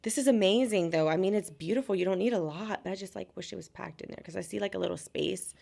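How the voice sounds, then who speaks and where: Brief: young woman vlogger, casual storytime chat, lively quoting, vocal fry. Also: medium pitch, quick pace. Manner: chatty, animated quoting of others. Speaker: beauty vlogger.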